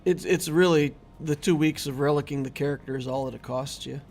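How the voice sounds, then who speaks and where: A man's voice: on the high side, fairly quick, vocal fry, darkish tone, faint music behind. A middle-aged man hosting a gaming channel, chatting casually and easily with his viewers while he streams. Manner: chatty and easygoing, talking to viewers. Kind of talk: casual live-stream commentary.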